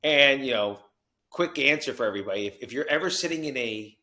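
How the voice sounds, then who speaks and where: A man from New Jersey, a podcast guest telling his story with animated energy and acted-out quotes. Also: mid-range voice, brisk. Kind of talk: storytelling interview.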